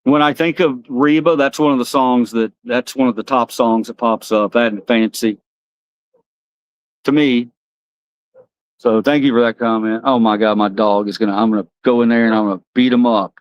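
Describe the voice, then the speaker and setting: This American man hosts a livestream, chatting casually with the chat readers and calling viewers by name as he rambles. His medium-pitched voice stays steady at a moderate pace, and the audio is dull with no room sound.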